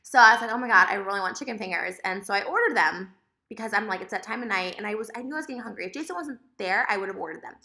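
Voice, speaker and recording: A young woman vlogging at home, telling her side of a story in a fast, animated, sassy rant. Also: mid-range voice. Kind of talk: casual vlog monologue.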